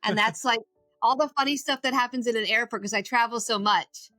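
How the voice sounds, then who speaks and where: A middle-aged woman with a bright, forceful voice tells her story as a podcast guest, pitched a little high. She talks emphatically and acts out the people she quotes. The sound is dry and close, with faint music underneath. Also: quick pace, no room sound. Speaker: guest, addiction recovery coach.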